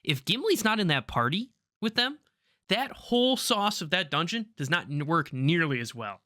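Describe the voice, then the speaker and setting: A young man co-hosting a podcast in casual chat, excitable and swearing freely. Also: a little high, moderate pace, no echo, studio quality. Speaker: podcast co-host.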